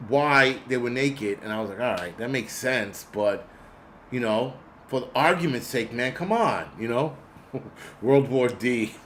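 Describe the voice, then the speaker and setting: Male host, casual profane rant, animated and laughing, mid-range voice, faint noise behind. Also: medium pitch. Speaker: channel host.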